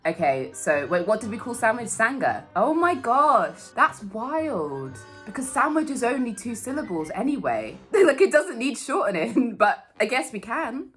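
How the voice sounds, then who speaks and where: A woman's voice: fairly high pitch, very animated, unhurried, few pauses, a bit bright, soft background music. A British woman casually reasoning her way through slang guesses, bubbly and giggly. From Britain. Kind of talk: casual chat.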